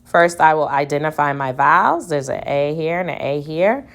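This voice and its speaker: A woman teacher slowly sounding out word syllables aloud in a phonics lesson. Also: low-pitched, animated.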